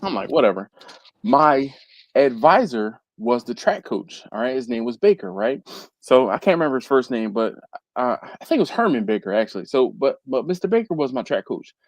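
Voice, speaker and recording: A man's voice: mid-range voice, a little fast, no room sound. A man hosting a live stream, telling a long casual story and acting out the people in it. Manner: animated, acts out quoted people.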